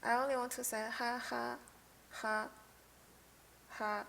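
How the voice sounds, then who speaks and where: A young woman streamer who is not a native English speaker, chatting casually and haltingly while reading game card text aloud on a headset mic. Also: a little high, level tone, gravelly, fairly bright tone, a little hiss or hum. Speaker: game streamer reviewing cards. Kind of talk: casual live-stream chat.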